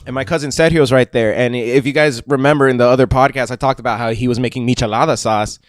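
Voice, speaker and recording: A young man hosting a podcast, telling a rowdy story in a profane, animated way and laughing as he goes. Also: medium pitch, fast, no room sound, studio quality. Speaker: podcast host. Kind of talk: casual storytelling chat.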